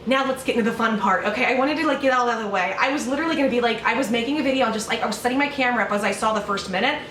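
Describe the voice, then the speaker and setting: A woman's voice: a little high, racing, fairly bright tone, roomy sound, distant mic, slight background noise. A woman YouTuber doing a sarcastic, mock-outraged vlog rant, full of swearing, recorded at home. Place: home room.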